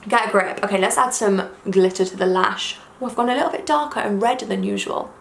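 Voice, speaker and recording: A woman's voice: medium pitch, fast, vocal fry, a little hiss or hum. A young woman chatting casually to camera while doing her makeup, rambling and self-deprecating. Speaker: beauty vlogger. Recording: echoey room.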